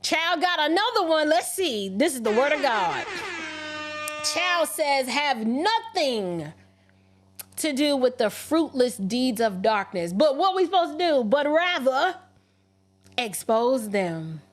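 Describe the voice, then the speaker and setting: A woman hosting a casual livestream, reading viewer messages aloud and answering them with lively, sassy asides. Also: high-pitched, takes it slowly. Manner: animated, talks back to viewers, slips into sassy mock voices. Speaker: livestream host. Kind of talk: casual livestream chat reading super chats.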